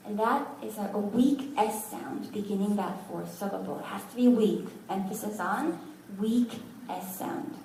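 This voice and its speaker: A woman's voice: mid-range voice, moderate pace, hardly any pauses, mellow, slight background noise. A woman teaching a language class, patiently sounding out words syllable by syllable with good-humored asides. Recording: echoey room, from far off.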